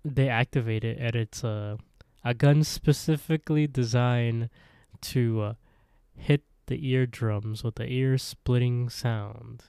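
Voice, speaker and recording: A man co-hosting a casual podcast, walking through a story and breaking into laughter often. His voice sits mellow and dark, recorded close and dry with no room sound. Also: medium pitch, steady tone, slow pace, gravelly, clean tone, no echo. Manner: laughs often while retelling the plot. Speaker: podcast co-host. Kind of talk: casual recap chat.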